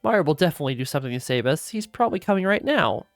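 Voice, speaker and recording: A woman voicing an eager young male star spirit in a video game, hurried and polite. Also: deep voice, big pitch swings, dry recording, soft background music.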